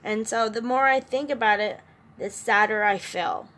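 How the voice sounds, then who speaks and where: A middle-aged vlogger confides to her camera about her co-parenting struggles, earnest, emotional and rambling with restarts. Her fairly high, slightly bright voice holds fairly even intonation at a moderate pace.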